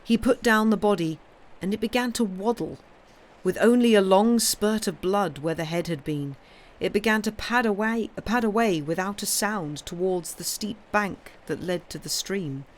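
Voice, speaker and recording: Brief: woman storyteller, expressive, steady read-aloud on stream. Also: medium pitch, normal speed. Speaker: story reader. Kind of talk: reading a story aloud on a livestream.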